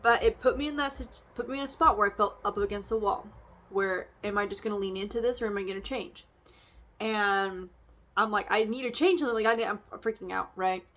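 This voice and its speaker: Young woman, casual reflective vlog, rambling, lots of fillers, medium pitch. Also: fairly quick, fairly bright tone. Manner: rambling, frequent fillers and restarts. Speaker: vlogger doing an oracle card reading.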